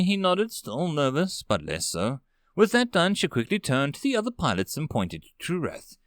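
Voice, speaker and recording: Guy narrating a sci-fi story, pitch all over the place, dry close mic. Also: wildly swooping pitch, moderate pace, smooth, no room sound.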